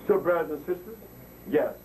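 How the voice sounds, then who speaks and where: Preachy man with a lively voice. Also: fairly high pitch, normal speed. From Honduras. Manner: preachy, emphatic, storytelling with acted quotes. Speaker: herbalist speaker. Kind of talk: public lecture to an audience. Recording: distant mic with faint noise.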